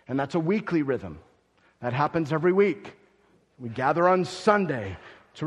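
Emphatic preacher in a reverberant hall. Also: male voice, on the high side, sing-song, moderate pace, pauses often, slightly rough. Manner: emphatic, repeats key phrases. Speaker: pastor. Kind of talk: sermon. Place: church hall.

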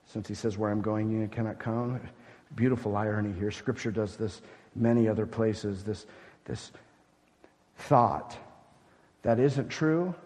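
A man preaching a sermon as pastor, urgent and emphatic one moment and hushed and grave the next. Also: fairly low pitch. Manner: emphatic preaching, swinging between loud urgency and hushed gravity. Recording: long hall reverb.

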